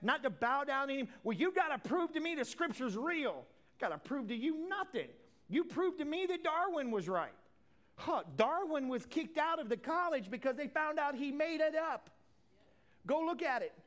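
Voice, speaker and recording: A man preaching a sermon as a pastor, swinging from loud declarations to hushed asides, with folksy plain talk. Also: very high-pitched, sing-song, normal speed.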